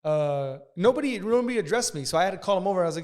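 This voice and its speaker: A man casually telling a profane story as a podcast guest, talking fast and acting out the people in it. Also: sits high, big pitch swings, darkish tone. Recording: long hall reverb.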